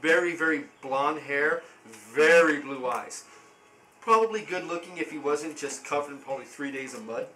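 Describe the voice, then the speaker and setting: Bright-voiced male game master. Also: on the high side, slight background noise, poor audio. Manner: halting, full of fillers. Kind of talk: narrating a tabletop game.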